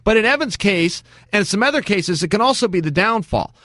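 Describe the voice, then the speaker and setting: A man's voice: high-pitched, animated, brisk, fairly bright tone, dry recording, studio quality. A man in casual chat, speaking emphatically and explaining things to the audience.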